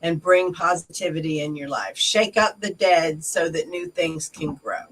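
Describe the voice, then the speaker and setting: A Southern woman co-hosting a casual chat, folksy and joking, quick to laugh. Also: deep voice, fairly even intonation, a bit bright, recorded from a distance, rough recording. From American South. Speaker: co-host.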